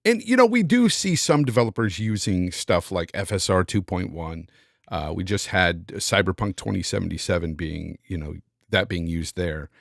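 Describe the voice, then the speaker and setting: A man's voice: deep voice, lively intonation, normal speed, creaky, no echo, clean studio sound. A man hosting a casual live-stream podcast, reading out super chats and thanking viewers by name. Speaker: podcast host.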